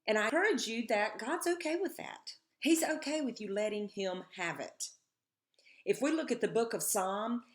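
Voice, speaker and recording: A woman giving an earnest devotional talk, reading and crying out scripture passages with feeling. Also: mid-range voice. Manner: earnest, reads and acts out scripture with rising emotion. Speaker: devotional speaker.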